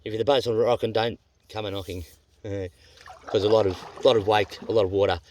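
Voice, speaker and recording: A man's voice: lowish voice, steady tone, fairly quick, a little mellow, a little hiss or hum. A man with an Australian accent chatting casually while paddling a canoe on a river, blunt and rambling, swearing freely. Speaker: vlogger on a canoe trip. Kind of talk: casual vlog chat.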